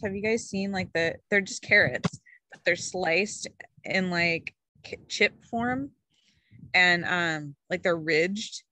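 A woman's voice: lowish voice, sharp tone, dry recording, low-quality recording. A woman leading a casual group video call as a food coach, chatty and rambling with lots of fillers, a little short of breath.

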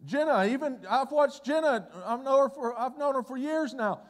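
Pastor, male, high voice, animated conversational sermon, long hall reverb. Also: moderate pace. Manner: conversational preaching, swinging from loud excitement to hushed low tones.

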